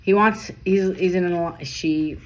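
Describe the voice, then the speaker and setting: A tired woman reading tarot late at night, talking in rapid bursts that stop and restart mid-sentence. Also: on the low side. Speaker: tarot reader.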